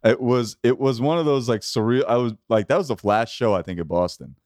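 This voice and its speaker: A man who is a comedian, a guest in a casual podcast chat, who talks in a calm and reflective way. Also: medium pitch, a little fast, no room sound, studio quality.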